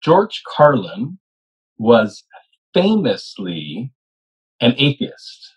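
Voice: medium pitch, big pitch swings, drawn-out words, husky, low-quality recording. An interviewer asking questions in a casual, hesitant way.

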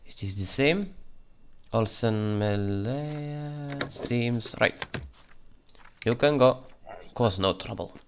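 Over background noise, a man with a medium-pitched voice talks slowly through his gameplay. He's a let's play gamer doing a put-on Russian accent as a strict border guard, speaking tersely and officially to the characters.

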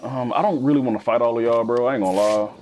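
A man giving casual, slangy let's-play commentary, swinging between high yelps and low growls. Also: rapid-fire, slight background noise. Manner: animated, slangy, swings into high-pitched bits and deep growls. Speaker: gaming YouTuber.

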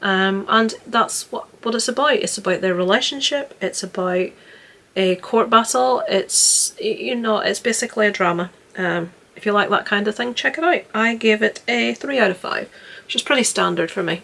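Young woman rambling through a movie review, earnest, keeps restarting sentences, mid-pitched. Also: normal speed, gravelly, a bit bright. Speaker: vlogger reviewing films. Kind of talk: casual film review chat.

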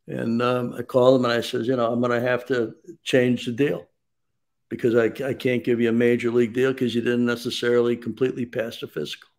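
A man in his sixties, a baseball executive guest on a sports radio interview, telling stories at a measured pace with frequent fillers. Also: medium pitch, level tone, darkish tone. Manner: measured storyteller, frequent "um" and "you know".

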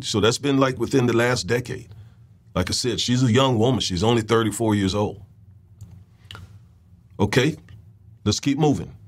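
A political commentary host speaks at a medium pitch in a loose, conversational monologue, often repeating words and checking in with his listeners.

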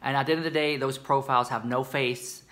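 Fairly quick and a bit bright, this man's mid-range voice stays fairly even in intonation. He's an American YouTuber dishing casual, dramatic gossip about beauty news straight to camera, addressing the viewer as "girl."

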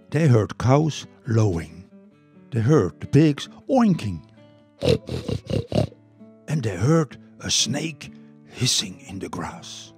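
An older man whose first language is Dutch, reading a children's story aloud to listeners in an expressive way. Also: mid-range voice, gravelly, slightly rough. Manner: lively, expressive, warm read-aloud.

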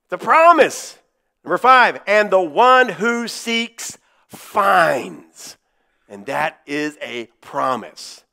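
A male pastor preaching a sermon in a church, stressing key words by slowing down and repeating them. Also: high-pitched, sing-song, vocal fry, bright, forceful tone.

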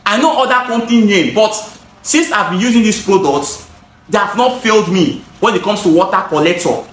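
A man's voice: high voice, animated, a little fast, fairly bright tone, reverberant, a little hiss or hum. A man with a Nigerian accent, a gutter installer and seller, casually explaining his products to the camera in an emphatic, repetitive way. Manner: emphatic, repeats phrases, switches into pidgin.

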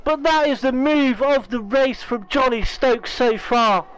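Excitable high-voiced race commentator. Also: male voice, rough recording. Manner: excitable, talks fast with restarts and self-corrections. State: losing his voice, hiccups. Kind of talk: esports racing commentary.

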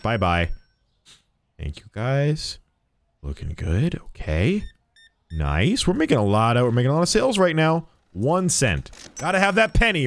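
A young man streaming a game, chatting playfully as he plays a shopkeeper and jokes with customers. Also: lowish voice. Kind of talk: let's-play commentary.

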